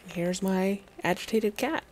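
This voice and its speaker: A woman's voice: medium pitch, normal speed, darkish tone, slight background noise. A young adult woman streaming, reading a game's text aloud with wry, laughing asides and casual swearing.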